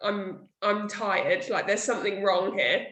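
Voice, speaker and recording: A woman's voice: medium pitch, measured pace, fairly bright tone, a little hiss or hum. A woman hosting a podcast, talking candidly and chattily, often quoting what she said to others. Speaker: podcast host, bodybuilder. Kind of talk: casual chat. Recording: roomy echo.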